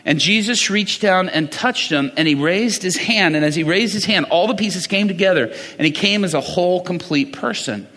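A man's voice: sits high, moderate pace, few pauses. A middle-aged man preaching a sermon as a pastor, telling stories in a conversational way and often laughing. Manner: animated, conversational storytelling with laughs. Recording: reverberant hall.

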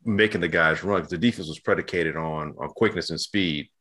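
A man co-hosting a casual sports talk show, animated and slangy, often stammering and repeating words. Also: sits low, brisk, breathy edge.

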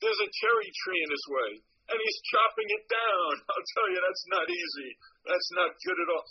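Man impersonating a brash older comedian ghost, husky, high and lively pitch, rapid one-liners. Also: lo-fi sound. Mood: wisecracking. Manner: rapid-fire one-liners with "I'll tell you" refrain. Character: brash older male comic ghost, self-mocking. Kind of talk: stand-up impression.

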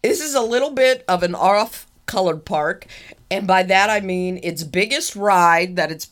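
A woman co-hosting a casual chat, animated and laughing often as she teases her co-host. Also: medium pitch, unhurried. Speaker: podcast co-host.

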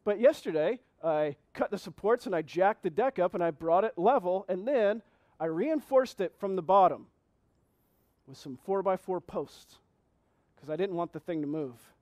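Male pastor, sermon, high voice, dry close sound, earnest, asks questions, repeats key phrases. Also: expressive, no room sound, lo-fi sound. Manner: reads scripture slowly, repeating key phrases.

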